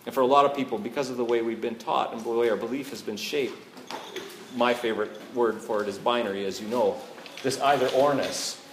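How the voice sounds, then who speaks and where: A man's voice: medium pitch, a little fast, a little hiss or hum. Canadian male pastor, mid-range voice, chatty sermon delivery with frequent "right?" asides, echoey hall. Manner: conversational, asks "right?" often. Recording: echoey room, faint ambience.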